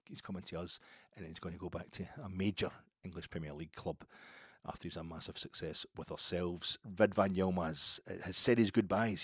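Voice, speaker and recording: A Scottish man in his fifties talks through his own podcast in a deep, slightly husky voice. He rambles and doubles back on himself with dry, wry humour, and the sound is close and dead with no room echo. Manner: rambling, wry, self-correcting. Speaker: football podcast host. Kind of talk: casual solo podcast chat.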